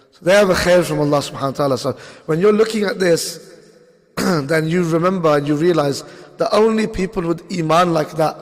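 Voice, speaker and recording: A man giving a conversational, story-driven sermon in a mosque, mixing in Urdu and Arabic phrases. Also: on the high side. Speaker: speaker giving a talk at a mosque. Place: mosque hall. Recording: echoey mosque hall.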